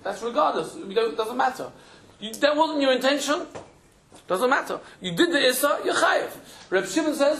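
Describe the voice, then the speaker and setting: High-voiced man teaching a Talmud class. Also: fairly bright tone. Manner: emphatic, repeats words while searching for phrasing. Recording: roomy echo.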